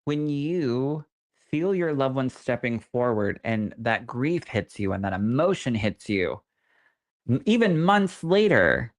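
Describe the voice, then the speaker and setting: A young adult man, a psychic medium co-hosting a podcast, telling stories in an animated, campy way. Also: mid-range voice. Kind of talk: casual podcast chat.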